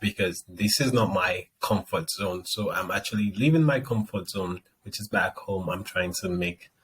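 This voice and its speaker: A man's voice: deep voice, normal speed, fairly bright tone, low-quality recording. A young man with a Nigerian accent chats as an interview guest. He talks animatedly and slips into playful voices when he quotes people. Faint room noise sits behind his voice. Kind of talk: casual interview chat.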